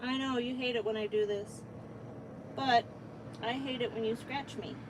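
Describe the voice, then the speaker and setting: A talkative woman trucker streaming live from her cab, her voice a little higher than most. She rambles to her viewers and fusses over her cat. Clear engine and road noise hums under everything. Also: steady tone, normal speed. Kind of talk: casual live-stream chat.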